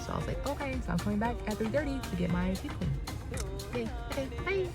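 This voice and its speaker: A woman's voice: fairly low pitch, expressive, fast, rough recording. A woman dental hygienist chatting casually in a vlog, blunt and profane, acting out conversations. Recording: music playing behind.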